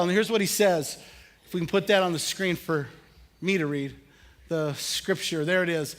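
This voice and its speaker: Middle-aged male pastor, high tenor, relaxed storytelling sermon with humor. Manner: casual, humorous storytelling with audience questions. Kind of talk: conversational sermon.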